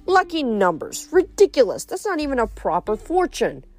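A woman's voice: mid-range voice, sing-song, normal speed, soft background music, natural voice. A woman reading aloud, voicing a scornful, cackling goddess of revenge. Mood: haughty. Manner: sneering, haughty.

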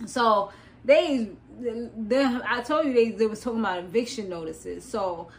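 Young woman podcast host, casual reality TV recap, high-ish voice, chatty and excitable with slang. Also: a little slow, rough recording. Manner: animated, slangy, laughs often, rambling side notes.

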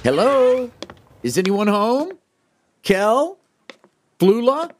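An actor playing an insecure office worker who stammers and rambles. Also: male voice, very high voice, sing-song, extremely slow, over loud music, exaggerated voice. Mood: nervous. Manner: stammering, restarting.

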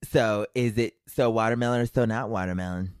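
A woman's voice: very deep voice, a little mellow, no echo, clean studio sound. A young woman co-hosting a podcast with her sisters, sarcastic and teasing in casual chat. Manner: sarcastic, teasing, quick retorts. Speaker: podcast co-host.

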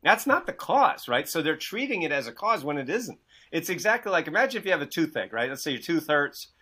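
A man's voice: fairly high pitch, fairly quick, slightly rough. A man guesting as an author and success coach on a video call, telling stories with lots of "you know" and acting out the dialogue in them. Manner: energetic storyteller who acts out quoted dialogue; many fillers, "you know". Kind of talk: animated interview talk.

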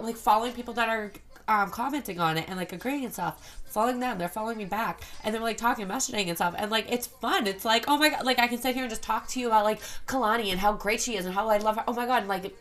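Chatting on her own podcast, a young woman with a fairly high, slightly bright voice talks candidly, wanders off on tangents, and swears frequently in a casual solo format.

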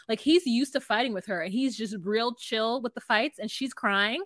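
A woman's voice: fairly high pitch, brisk, few pauses, dry recording. Sassy, blunt woman podcast co-host. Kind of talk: casual chat.

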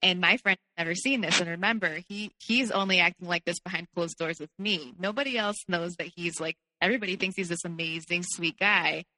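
A woman with a low-set but bright, forceful voice tells her own story openly, leaning on "like" as she goes. Her voice rings on in a long hall reverb. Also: a little fast, few pauses. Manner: candid, heavy use of "like". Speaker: podcast guest. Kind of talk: personal storytelling.

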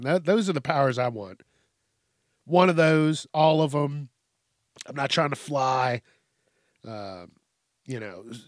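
Gravelly man chatting on a podcast. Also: medium pitch, no echo, clean studio sound. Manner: rambling and profane, laughs at his own tangents. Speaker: podcast host. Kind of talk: casual solo podcast chat.

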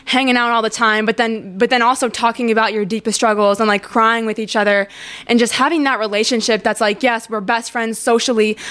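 Woman, twenties, podcast host, candid, rambling, slightly high-pitched. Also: fairly bright tone. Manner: rambling and candid, heavy use of "like". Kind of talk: casual monologue.

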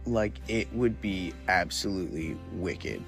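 A young man with a low voice hosts his own podcast, rambling loosely from one thought to the next while stoned. His talk is casual and full of filler words. Faint music plays underneath. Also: lively intonation, unhurried, gravelly, a bit bright. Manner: rambling and laid-back, heavy on filler words. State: high from smoking weed. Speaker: podcast host. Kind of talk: casual solo podcast monologue.

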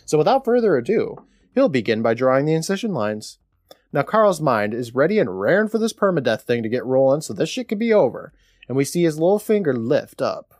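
Animated man recapping a horror episode. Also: a little high, fairly quick, dry recording, clean studio sound. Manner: animated storytelling with a laughing, joking tone. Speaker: podcast co-host.

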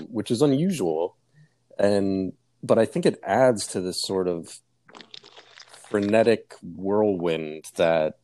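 Very deep-voiced man talking music. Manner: measured, hesitant with fillers. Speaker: podcast co-host. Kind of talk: casual music discussion.

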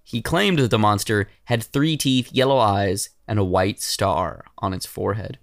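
Casting: a male podcast host with a low voice, reading history notes in a casual way and joking with his co-host; dry, close sound. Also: measured pace, gravelly, dry recording. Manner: reads history notes, then breaks into jokey banter.

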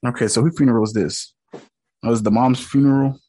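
A man's voice: medium pitch, steady tone, quick pace, dark tone, breathy edge. A man giving casual, slangy reaction commentary, talking back at what he watches with a blunt, running manner. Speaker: reaction video host.

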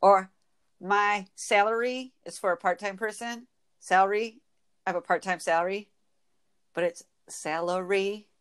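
A woman with a Michigan accent hosting a casual podcast chat, playful and quick to laugh as she acts out phrases. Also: medium pitch, fairly bright tone, clear, resonant tone. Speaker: podcast host.

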